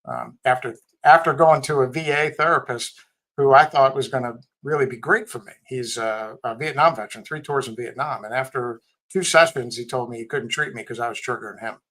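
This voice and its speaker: A middle-aged man, a Marine veteran who now heads a tech company, tells candid stories as a guest on a casual podcast interview. His medium-pitched voice is brisk and fairly bright, his manner blunt and wry, and the recording is rough.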